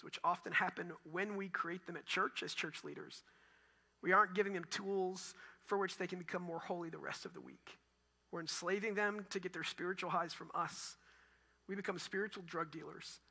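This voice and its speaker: Bright-voiced animated male pastor. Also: high voice. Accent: Texan. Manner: animated, shifts from loud emphasis to near-whisper. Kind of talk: sermon.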